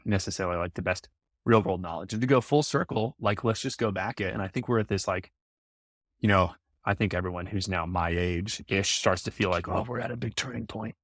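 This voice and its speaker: A man with a lowish voice, talking loosely as a podcast guest. He winds through his stories with plenty of "like" and "you know." The sound is dry and close. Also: a bit bright, dry recording. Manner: rambling storyteller, lots of fillers. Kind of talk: casual podcast chat.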